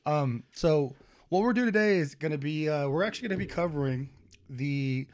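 A man's voice: fairly high pitch, expressive, moderate pace, a little mellow. A man co-hosting a podcast, chatting loosely, swearing often and tripping over words. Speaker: podcast co-host. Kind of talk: casual chat.

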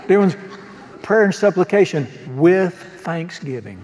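A man's voice: high voice, very animated, slow, a little mellow, long reverb tail. A man preaching a sermon as pastor, folksy and joking, often asking the congregation questions. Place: church sanctuary.

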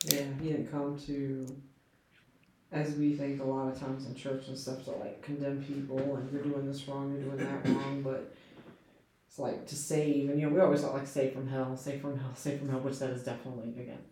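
A man's voice: medium pitch, level tone, normal speed, dark tone. A man chatting casually in a Bible study discussion, full of fillers and acted-out quotes. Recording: very echoey room with faint noise.

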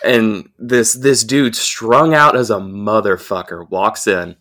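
A young man speaks slowly and with few pauses, his voice on the low side. As a podcast co-host he relates a wild, profane story in a loose, animated way.

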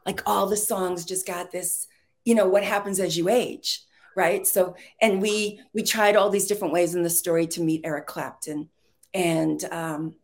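A middle-aged American woman from Texas, a playwright and screenwriter telling stories as a guest in casual chat, animated and quick to laugh. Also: lowish voice, vocal fry. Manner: animated storyteller, laughs often.

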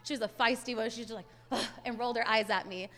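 This church speaker is a young woman from a Hispanic family in the US, recounting a personal testimony in a sermon with lots of "like" fillers and an easygoing storytelling manner. She talks fast, with a fairly high, fairly bright voice and fairly even intonation. Long hall reverb fills the sanctuary recording.

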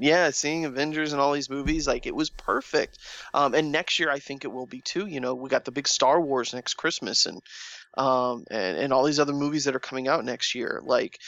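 A man's voice: fairly high pitch, vocal fry, fairly bright tone, no room sound, dull audio. A man in casual conversation, rambling and restarting his sentences with lots of fillers. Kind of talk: casual chat.

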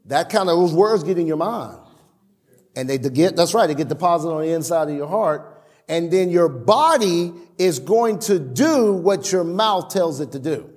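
High-pitched preacher in a reverberant church. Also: male voice, moderate pace. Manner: animated preaching with stammered restarts and acted-out quotes. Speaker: pastor. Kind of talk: sermon. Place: church sanctuary.

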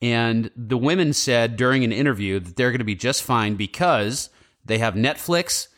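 A man's voice: mid-range voice, lively intonation, moderate pace, fairly bright tone. A man co-hosting a casual podcast, reading out feel-good news stories in an upbeat way and laughing easily. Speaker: podcast co-host. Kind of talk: casual chat.

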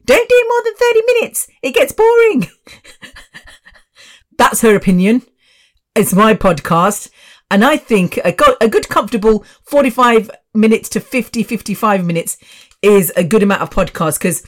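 A woman in her fifties hosting her own podcast, chatty and rambling with asides. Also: medium pitch. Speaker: podcast host. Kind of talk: casual solo podcast chat.

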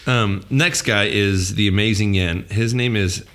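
Man, low voice, podcast host, casual chat, goes through notes, asks questions. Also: measured pace, fairly bright tone.

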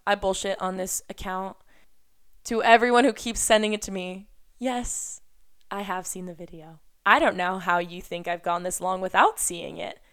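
A woman's voice: mid-range voice, a bit bright, clean tone. A young woman in her twenties ranting to camera in an unscripted vlog, blunt and defiant, swearing often. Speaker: vlogger.

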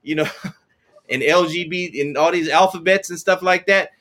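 A man's voice: high-pitched, moderate pace, fairly bright tone. A man speaking as a podcast guest in casual chat, often stumbling over and repeating words as he tells his stories. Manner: stammering repetitions, conversational storytelling.

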